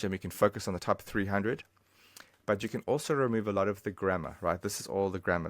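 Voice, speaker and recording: Man, deep voice, dry close sound, casual chatty teacher, talks to viewer. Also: no echo. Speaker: language teacher. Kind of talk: online language lesson.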